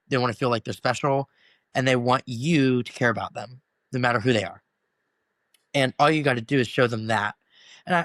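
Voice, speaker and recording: A young man, a first-year band teacher, talking in a relaxed interview at a middle pitch. He tells his stories with energy and acts out the people he quotes. The recording is close and dry, with no room sound. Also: dry recording. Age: 20s. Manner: animated storyteller who acts out quoted voices. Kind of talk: casual interview conversation.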